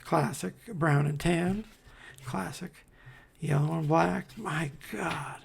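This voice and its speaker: A man's voice: fairly high pitch, steady tone, slow, creaky, slight background noise. A man casually reviewing comics as he pages through them, rambling with wry asides and many fillers. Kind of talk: casual commentary while paging through comics.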